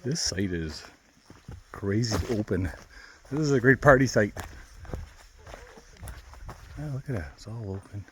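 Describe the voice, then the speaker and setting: A man's voice: on the low side, animated, measured pace, pauses often, fairly bright tone. A man from Canada casually narrating his camping vlog outdoors at a lakeside campsite, chatty and easygoing. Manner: chatty, easygoing, laughs often. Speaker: vlogger. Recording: faint outdoor background noise.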